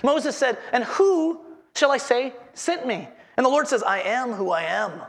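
Gravelly-voiced pastor preaching. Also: male voice, very high-pitched, expressive, unhurried, fairly bright tone. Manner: earnest preaching with repeated headings and questions to the congregation. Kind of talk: sermon.

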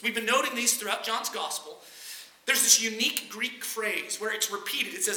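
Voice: medium pitch, animated, moderate pace, bright, forceful tone, roomy sound. A preacher delivering an expository sermon in a conversational teaching manner.

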